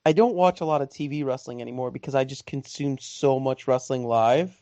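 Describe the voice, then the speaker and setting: A man's voice: mid-range voice, fairly quick, dark tone, no echo. A man co-hosting a podcast in casual chat, giving strong, enthusiastic opinions. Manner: emphatic, enthusiastic opinions with swearing. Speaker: podcast co-host. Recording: dry, dull lo-fi sound.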